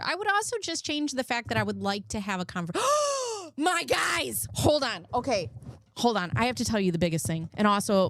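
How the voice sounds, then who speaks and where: A woman's voice: medium pitch, no echo. A woman in her thirties hosting a casual livestream, chatty and blunt, swearing freely and thanking viewers as she goes. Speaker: livestream commentary host.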